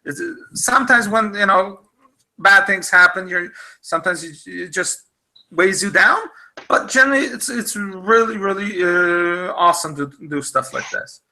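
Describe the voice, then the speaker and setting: A man, a small business owner, speaking as a guest in a casual interview, hesitant and halting. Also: high-pitched, pushed and bright, rough recording.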